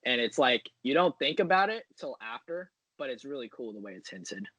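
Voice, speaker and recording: A man's voice: medium pitch, big pitch swings, fairly quick, pushed and bright, breathy edge, no room sound. A man talking as a podcast guest in casual chat, enthusiastic and rambling with many fillers.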